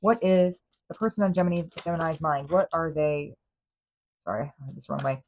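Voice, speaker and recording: Casual: woman doing a tarot reading, kinda low voice, talks fast and fills with like and um. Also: steady tone, darkish tone, low-quality recording. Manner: chatty and emphatic, many fillers and restarts. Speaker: tarot reader and host.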